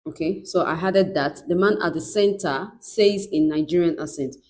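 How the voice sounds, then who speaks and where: A woman's voice: lowish voice, normal speed, a little mellow, a little hiss or hum. A woman giving a step-by-step screen tutorial in an instructive way, often checking in with "right?". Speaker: tutorial presenter.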